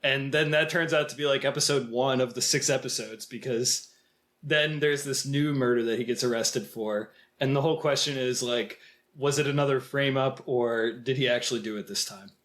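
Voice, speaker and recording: Animated man co-hosting a film podcast. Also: mid-range voice, normal speed. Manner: animated, storytelling, acts out quotes. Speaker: podcast co-host. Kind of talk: casual film podcast chat.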